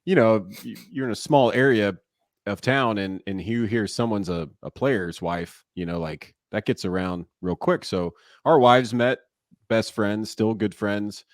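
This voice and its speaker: A man's voice: fairly low pitch, unhurried, no echo, studio quality. A man in his forties, a former ballplayer and guest, telling stories in a casual interview and laughing often. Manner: animated, laughs often mid-story. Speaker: guest, former baseball player and broadcaster.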